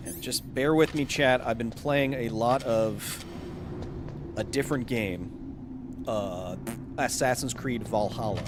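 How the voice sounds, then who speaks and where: A young man streaming a video game live, joking and talking excitedly with his chat. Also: medium pitch, slow, music in the background. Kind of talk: casual let's-play chat.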